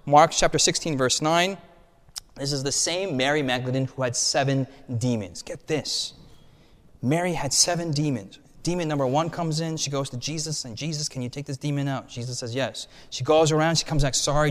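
A man's voice: fairly high pitch, fairly bright tone. A male pastor giving a sermon to his congregation in a colloquial, emphatic way, acting out the stories he tells. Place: church sanctuary. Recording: long hall reverb.

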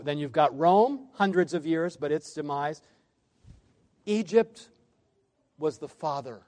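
A man's fairly high-pitched voice giving a sermon presentation to a congregation. He leans hard on key words and then lets the ends of phrases fall quiet. He sounds like a man in his forties from the United States. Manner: varies loudness widely, drops low at phrase ends. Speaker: preacher.

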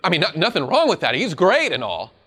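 A man preaching a sermon in an animated, conversational way, often laughing at his own points. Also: sits high, a little fast, husky.

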